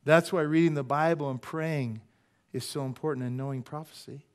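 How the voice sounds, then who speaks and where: Pastor, male, high voice, jokey animated sermon delivery in church. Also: brisk. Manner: animated, joking, rhetorical questions. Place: church sanctuary.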